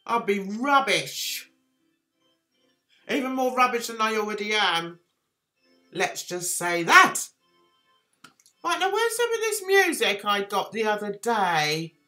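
A woman's voice: medium pitch, sing-song, takes it slowly, long pauses, pushed and bright, faint music behind. A woman hosting a casual live stream, rambling and self-deprecating as she chats with viewers. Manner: chatty, rambling, self-deprecating, reads chat aloud. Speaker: livestream host.

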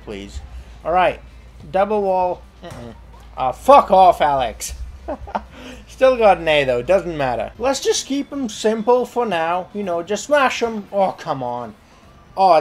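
Excitable, swearing young gamer man. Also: sits high. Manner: excitable, profane, joking. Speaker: gaming channel host. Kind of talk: let's play commentary.

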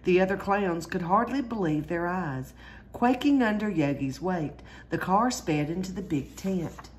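A woman reading a children's storybook aloud in a lively way, jumping higher for the characters' cries. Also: a little slow, a little hiss or hum. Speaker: storyteller reading a picture book.

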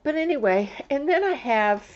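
A woman's voice: sits high, lively intonation, normal speed. A woman from Florida chatting in a rambling way on her crafting vlog, with many restarts. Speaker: crafting vlogger. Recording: dull lo-fi home recording.

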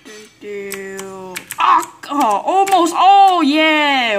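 High excitable woman gamer. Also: drawn-out words, hardly any pauses, slight background noise. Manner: excitable, frequent exclamations and groans, broken English. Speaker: gameplay commentator. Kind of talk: live gameplay commentary.

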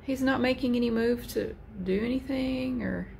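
A woman vlogger chatting casually while filming a cat outside, with a drawn-out, easygoing manner. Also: creaky, a little mellow, a little hiss or hum. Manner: chatty, slow and drawn out, slips into high baby talk for the cat.

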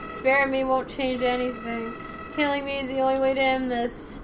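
A woman's voice: high-pitched, level tone, normal speed, noisy background, close to an everyday voice. A woman voicing a spiteful, taunting male talking flower from a video game, reading his lines in a mocking, sing-song way.

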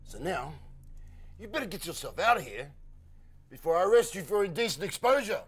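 A man plays a police officer who brushes people off with sarcasm. His fairly high voice rises and falls in a lively way. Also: fairly quick, a little hiss or hum. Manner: dismissive, sarcastic. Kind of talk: indie film acting.

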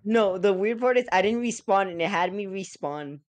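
A woman's voice: mid-range voice, expressive, moderate pace, dry recording. A woman in casual gaming chat, making jokes and laughing easily with friends.

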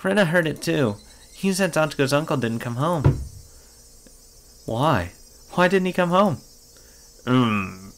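A man's voice: fairly high pitch, lively intonation, slow, long pauses, a little hiss or hum, pitched above the performer's own voice. A man voicing a sweet-voiced teenage girl with a creepy undertone, who keeps pressing with singsong questions. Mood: probing.

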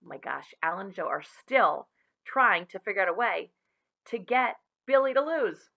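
A woman's voice: mid-range voice, animated, moderate pace, vocal fry, pushed and bright, muffled recording. A woman reading a children's chapter book aloud, chatting with young listeners between chapters. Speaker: reader for children.

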